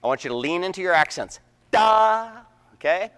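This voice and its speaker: A man's voice: fairly high pitch, quick pace, a bit bright. A man conducting a wind band rehearsal, counting off and singing rhythms aloud. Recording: echoey hall.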